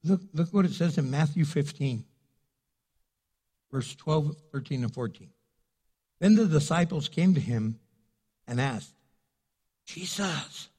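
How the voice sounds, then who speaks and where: Animated husky pastor preaching in a sanctuary. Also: male voice, high voice, long reverb tail. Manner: casual, animated, acts out quoted complainers. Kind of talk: sermon. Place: church sanctuary.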